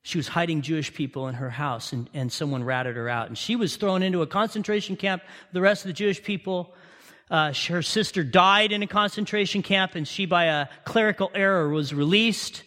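A man with a high, bright, forceful voice preaches a sermon, pulling his listeners into the story with question after question. His voice carries a long reverb from a big hall. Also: fairly quick. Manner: impassioned storytelling, repeated rhetorical questions.

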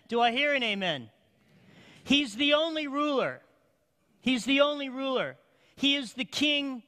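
High-voiced preacher in a reverberant sanctuary. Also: male voice, animated, bright, forceful tone. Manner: emphatic call-and-response preaching, slow deliberate phrasing. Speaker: pastor. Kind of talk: sermon. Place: church sanctuary. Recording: long hall reverb.

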